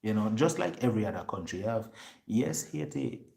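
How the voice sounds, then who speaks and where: A man with a Jamaican accent telling a story to his viewers in lively patois, acting out what other people said. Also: lowish voice, brisk, vocal fry. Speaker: vlogger.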